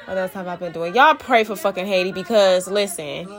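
In a brisk, mid-range voice, a young woman who mentors others spiritually and practices Vodou addresses her viewers in a loose vlog chat, slightly winded, with plenty of slang and fillers.

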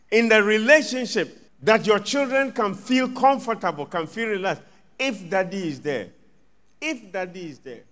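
A man preaching a sermon as pastor, swinging from loud outbursts to hushed asides and acting out little scenes. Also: sits high. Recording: long reverb of a large hall.

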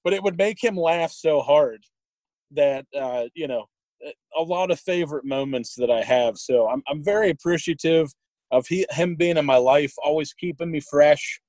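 A man's voice: fairly high pitch, normal speed, a little mellow, no echo, poor audio. A young man casually telling rambling stories about an old friend, chuckling along the way. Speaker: guest sharing memories. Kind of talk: casual storytelling.

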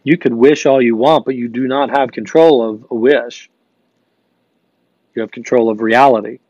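A young adult man hosting a live gratitude show, talking in an energetic, upbeat coaching manner, reading viewer comments and repeating phrases for emphasis. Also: medium pitch, moderate pace, no room sound. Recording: dry, slightly dull stream audio.

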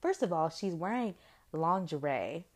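A woman's voice: fairly low pitch, lively intonation, unhurried. A young woman hosting a podcast, chatting casually about a TV episode with lots of fillers and exaggerated reactions. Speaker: podcast host. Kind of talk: casual TV recap chat.

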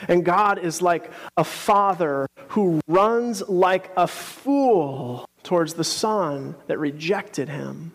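A man's voice: sits high, takes it slowly, long reverb tail. A man preaching a sermon, telling a story in a conversational, earnest way with casual asides.

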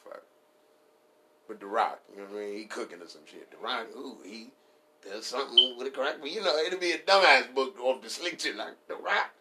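A man ranting casually and profanely for laughs, rambling, laughing at his own jokes and jumping into high put-on voices. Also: a little fast, very noisy. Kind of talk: casual comedic rant.

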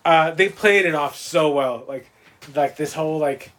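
A man co-hosting a podcast, chatting casually and excitedly about a movie, swearing often and acting out the scenes. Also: a little high, a little slow. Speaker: podcast co-host.

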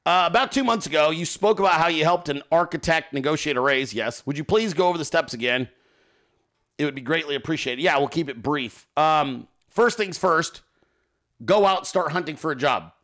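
Male podcast host, casual and profane, jokey, lively swooping delivery, fairly high voice, a tense, sharp edge to the tone. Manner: profane, joking, quick to laugh.

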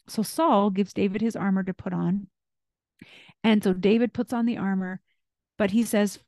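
A woman's voice: mid-range voice, fairly even intonation, normal speed, darkish tone, no room sound, clean studio sound. A woman hosting a faith podcast, retelling scripture stories in a casual way with asides and fillers. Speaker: podcast host.

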